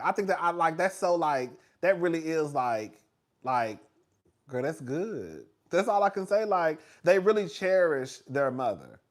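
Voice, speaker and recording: A young man chatting casually and animatedly about reality TV, gossipy, full of fillers and quick laughs. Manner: animated, gossipy, filler-heavy, laughs often, swings loud and high when excited. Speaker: reality TV commentator.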